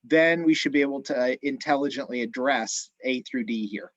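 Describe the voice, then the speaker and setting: A man teaching chemistry in an online class, explaining methodically step by step, his voice a little hoarse. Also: mid-range voice, normal speed, no echo, highs cut off. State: slightly hoarse. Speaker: chemistry instructor.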